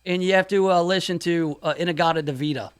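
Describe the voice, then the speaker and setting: A man's voice: high-pitched, fairly even intonation, fast talker. A man hosting an afternoon radio show, joking around in studio banter and slipping into hammy country DJ voices. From Memphis area. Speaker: radio host. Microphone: studio mic.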